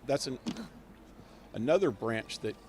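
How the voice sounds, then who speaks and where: A man's voice: mid-range voice, lively intonation, a little slow, noisy background. A man live-streaming a video game, rambling and thinking aloud with chuckles. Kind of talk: live gameplay commentary.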